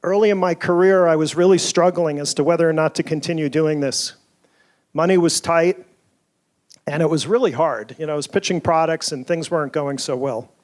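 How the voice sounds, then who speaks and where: A toy inventor giving a keynote speech at a conference, telling stories from his career in an earnest, measured way. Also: on the high side, steady tone, a little mellow. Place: conference hall.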